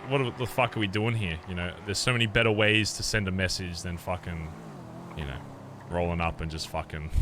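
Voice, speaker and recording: A man's voice: sits low, noisy background. A man in character as a biker club leader in a game role-play, swearing constantly and rambling with many fillers.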